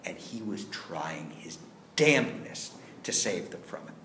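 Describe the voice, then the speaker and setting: A man's voice: sits low, sing-song, unhurried, fairly bright tone, roomy sound, a little hiss or hum. A man teaching a scene study class, telling a rehearsal story and acting out the lines he quotes. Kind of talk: classroom lecture.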